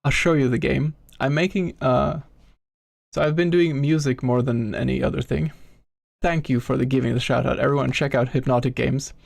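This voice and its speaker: A man's voice: medium pitch, fairly even intonation, moderate pace, creaky, no echo, clean studio sound. A young man streaming live as a game developer, chatting with viewers, greeting them by name and muttering to himself while he works.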